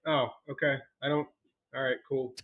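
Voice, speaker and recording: A man's voice: medium pitch, flat delivery, normal speed, phone-quality sound. A man co-hosting a podcast, chatting crudely and laughing at his own stories. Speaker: podcast co-host. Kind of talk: crude casual chat.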